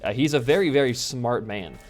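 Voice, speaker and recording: A man's voice: mid-range voice, expressive, fairly quick, soft background music. A man from the US Midwest doing casual gameplay commentary, telling a rambling story and swearing freely as he plays. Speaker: gaming YouTuber.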